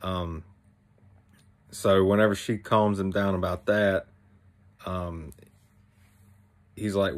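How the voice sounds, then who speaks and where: A man's voice: deep voice, steady tone, slow pace, pauses often. A young man casually recapping an anime episode, rambling with many fillers and restarts.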